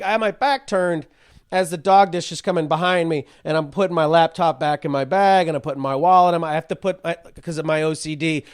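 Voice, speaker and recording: A man with a fairly high voice rants through a comedic podcast story, swearing freely and restarting his sentences as he goes. His tone is smooth and clear, and the delivery is loose and conversational. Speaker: podcast host. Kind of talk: profane comedic rant.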